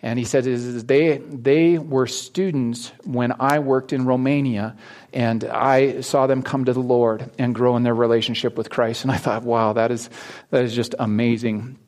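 A man preaches a sermon in a chatty, storytelling way. He often hesitates with ums and restarts his sentences. His voice sits at an ordinary middle pitch. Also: fairly even intonation, a little mellow. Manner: halting, many ums and restarts; conversational storytelling. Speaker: pastor.

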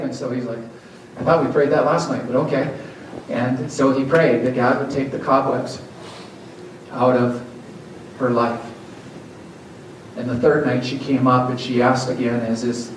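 Male pastor, sermon, earnest storyteller; slightly high voice, distant mic, very reverberant church hall with noise. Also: steady tone, normal speed.

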